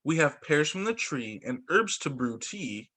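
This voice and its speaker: A male teacher reading picture books aloud to children over a video call, animated and expressive. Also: a little high, unhurried.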